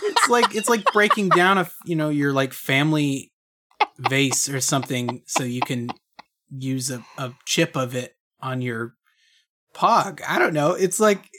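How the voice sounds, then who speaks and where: A man's voice: on the high side, unhurried, sharp tone. A man co-hosting a cartoon recap podcast, talking casually with many fillers and laughs. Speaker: podcast co-host. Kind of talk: casual chat.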